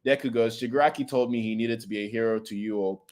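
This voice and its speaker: A man at an ordinary mid pitch reads manga dialogue aloud on a casual stream. He keeps breaking off with fillers, restarts and slangy comments. The delivery is loose and unpolished. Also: fairly even intonation, fast, darkish tone. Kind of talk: casual reading and reacting to manga chapters.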